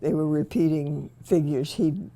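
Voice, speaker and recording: A woman's voice: sits low, steady tone, unhurried, warm tone. An older woman reminiscing in a casual interview, telling wry anecdotes and chuckling at herself.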